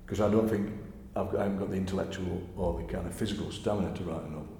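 A man with a Yorkshire accent, a poet telling stories in a lively, chatty interview. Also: deep voice, racing, a little hiss or hum. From Yorkshire, England. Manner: chatty, animated storyteller, often laughing. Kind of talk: conversational interview. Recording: echoey room with long reverb.

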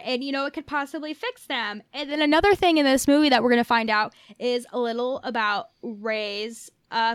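A woman's voice: on the high side, fairly bright tone, smooth, no room sound, clean studio sound. A woman co-hosting a podcast in casual chat, chatty and musing aloud with lots of fillers. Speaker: podcast co-host.

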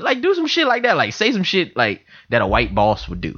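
A man's voice: mid-range voice, very animated, a little fast, few pauses, a bit bright, husky, no room sound. A young man hosting a casual podcast, telling stories animatedly with voiced quotes, recorded at a computer in a house. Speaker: podcast host. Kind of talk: casual chat. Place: room in a house. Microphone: computer mic. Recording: dull lo-fi home recording.

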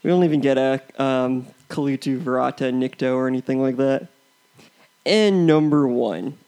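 A young man talks through a film review in a loose, halting way, piling up ums and false starts. His voice sits at an ordinary middle pitch. He sounds like a casual co-host chatting with a friend. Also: a little mellow, clear, resonant tone. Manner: rambling, hesitant, full of ums and restarts. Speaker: co-host of a movie review show.

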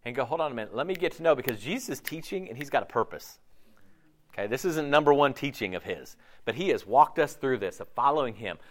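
A man preaching a sermon in a conversational, animated way, often slipping into quick voiced asides. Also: medium pitch. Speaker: pastor.

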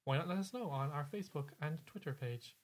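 A man's voice: on the high side, fast talker. A man co-hosting a podcast in casual chat, rambling along with plenty of fillers and restarts. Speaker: podcast co-host.

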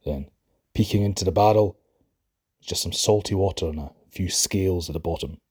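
Man, Scottish accent, storyteller, low, husky, expressive. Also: moderate pace. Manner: lively and expressive. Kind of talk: folk tale narration.

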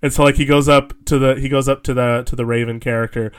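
A young man chatting casually on a podcast, circling his thoughts through a steady stream of fillers and restarts. His voice sits at an ordinary middle pitch, and he breaks into laughter easily. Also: fast, clear, resonant tone. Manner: rambling, many fillers, laughs often. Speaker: podcast co-host. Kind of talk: casual chat.

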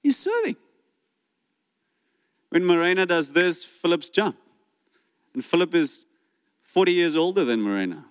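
A man preaching a sermon in a church, animated and acting out voices as he retells the story. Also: a little high, measured pace, long pauses, clear, resonant tone. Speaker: pastor. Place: church sanctuary. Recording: long hall reverb.

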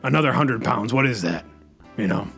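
A man's voice: mid-range voice, expressive, moderate pace, vocal fry, a bit bright, soft background music. A man hosting an improvised comedy bit, rambling anxiously and saying freaking constantly.

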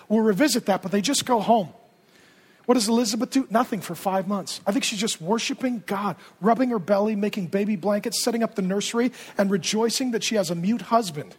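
A male pastor preaching a sermon in an animated, humorous, conversational way. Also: high-pitched, moderate pace, slightly rough.

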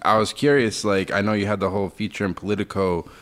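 Very low-voiced laid-back podcast host. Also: male voice, steady tone, fast. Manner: easygoing, repeats words, lots of "like". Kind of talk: casual interview chat.

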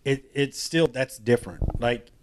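Laid-back man, podcast guest, casual rambling with plenty of swearing, mid-pitched. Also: unhurried, a little mellow, slight background noise. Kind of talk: casual chat.

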